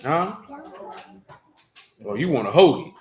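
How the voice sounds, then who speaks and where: A man's voice: a little high, sing-song, slow. A man leading a Bible study, teaching loosely and breaking into teasing, joking asides. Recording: echoey room.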